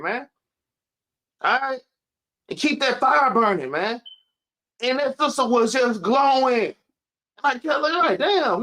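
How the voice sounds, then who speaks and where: A man delivers a casual sermon in a high, bright voice, tagging his phrases with "man". He slows right down to read scripture aloud and sounds a little out of breath. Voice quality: casual preaching, repeats "man" at line ends. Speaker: teacher.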